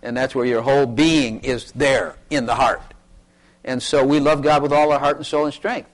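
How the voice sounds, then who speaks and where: A man's voice: mid-range voice, fairly even intonation, moderate pace. A man pastor preaching a sermon and calling for testimonies, talking in an emphatic way that repeats its points.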